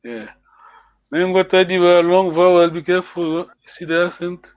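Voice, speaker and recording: Speaking at a moderate pace in a high, level voice with a clean tone, a man teaches a language lesson on a video call. He's encouraging and patient and often laughs. The recording is dry, with dull lo-fi video call audio.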